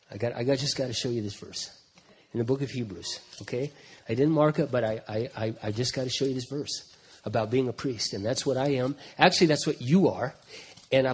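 A man in his fifties preaching a sermon as a pastor, swinging from quiet conversational asides to loud, emphatic passages, with frequent restarts. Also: medium pitch, a little hiss or hum. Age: 50s.

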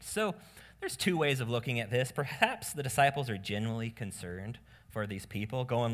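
A man preaching a sermon as pastor, animated and casual, acting out voices of the people in the story. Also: mid-range voice, moderate pace. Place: church room with congregation.

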